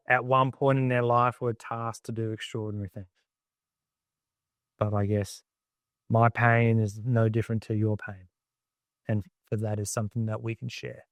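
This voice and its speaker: A man's voice: medium pitch, no echo, clean studio sound. An Australian man talking as a podcast guest, earnest and reflective, with many loose fillers. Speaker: guest, army veteran. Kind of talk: casual podcast interview.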